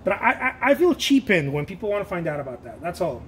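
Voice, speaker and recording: A man's voice: sits high, big pitch swings, fast, a little hiss or hum. A man talking casually while he paints, rambling, joking about himself and laughing often. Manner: self-mocking and playful. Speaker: painter hosting his own art channel.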